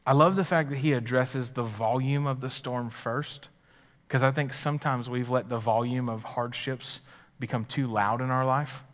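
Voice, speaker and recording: A male pastor preaching live to his congregation in a church hall, and his voice carries a long reverb off the room. His pitch sits mid-range. His delivery rises into loud, eager bursts and then drops to soft, hushed lines. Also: moderate pace. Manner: dynamic preaching, swings from loud and excited to hushed and quiet. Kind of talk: live sermon. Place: church sanctuary.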